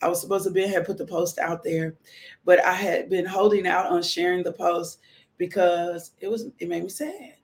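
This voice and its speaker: A woman's voice: lowish voice, steady tone, moderate pace, darkish tone. A middle-aged woman hosting a live stream, talking in a heartfelt, rambling way and repeating herself. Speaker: livestream host, widowed mother. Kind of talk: casual live-stream chat.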